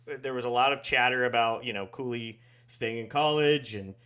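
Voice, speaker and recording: A man's voice: mid-range voice, steady tone, normal speed, pushed and bright, smooth. A man co-hosting a hockey podcast in casual chat, laid-back, swearing often and trailing off mid-sentence. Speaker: podcast co-host.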